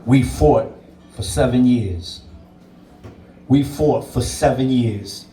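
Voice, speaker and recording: A man's voice: mid-range voice, slow pace, warm tone, recorded from a distance, slight background noise. A man, a DJ, telling his own story in an interview, blunt and emphatic and swearing freely. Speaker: DJ and interview guest. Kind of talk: candid personal storytelling. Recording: roomy sound, away from the mic.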